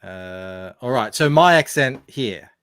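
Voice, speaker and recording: A man with a General Australian accent talking casually on a podcast. His voice sits in a middle register and sounds dry and close to the mic. He is relaxed and often restarts his sentences. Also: medium pitch, slow pace, smooth, dry recording. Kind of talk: casual chat.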